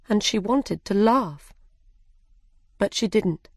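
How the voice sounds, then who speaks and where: A woman narrating a simple storybook for English learners, clear and deliberate. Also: mid-range voice, a little mellow, no room sound, studio quality.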